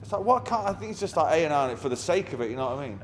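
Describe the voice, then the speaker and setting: A man's voice: a little high, very animated, very fast. Blunt Mancunian man telling stories. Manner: blunt, heavy swearing, wry. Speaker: musician being interviewed. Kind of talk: anecdotal interview storytelling. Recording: long reverb with faint ambient noise.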